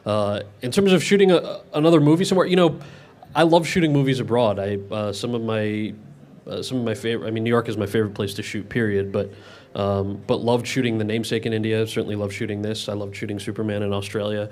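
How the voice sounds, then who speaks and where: A man's voice: lowish voice, fairly even intonation, quick pace, darkish tone. A male actor answering audience questions at a public Q&A, candid and often restarting his sentences. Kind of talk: public Q&A conversation. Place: event with live audience.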